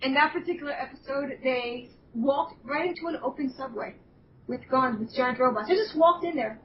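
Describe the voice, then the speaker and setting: A woman's voice: sits high, moderate pace, distant mic, background noise. A young woman hosting a casual fan chat, rambling through plot recaps and acting out quoted lines. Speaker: show host. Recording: dull lo-fi sound from off the mic.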